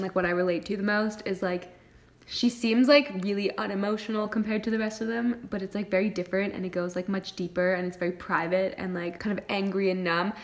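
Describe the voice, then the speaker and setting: Gushing young woman, book vlogger. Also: mid-range voice. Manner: gushing, laughs often, says "like" constantly. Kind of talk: casual chat reading vlog.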